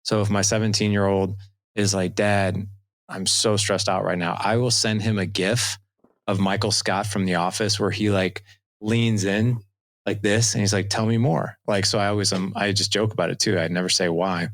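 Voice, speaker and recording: Gravelly deep-voiced man telling stories. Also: moderate pace, no room sound. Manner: animated storytelling, acts out dialogue. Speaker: podcast guest, dad coach. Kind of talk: casual interview talk.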